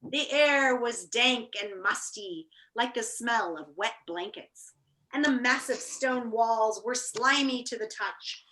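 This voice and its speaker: A woman reading a children's book aloud to kids, animated and teacherly, with chatty asides. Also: fairly high pitch, slow pace, reverberant. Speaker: storybook reader.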